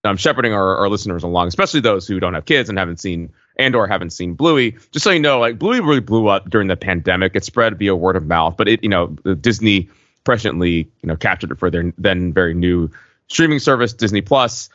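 Bright-voiced, chatty American co-host. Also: male voice, low voice, lively intonation, brisk, dry recording. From United States. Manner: chatty, explanatory. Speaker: podcast co-host. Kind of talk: casual podcast chat. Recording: dry, slightly muffled podcast audio.

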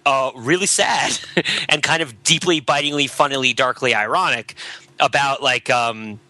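Man podcast co-host, rambling talker, very bright tone, dry close headset sound. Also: medium pitch, normal speed, no echo, poor audio. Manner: rambling, self-interrupting, laughs often. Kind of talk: casual discussion of literature.

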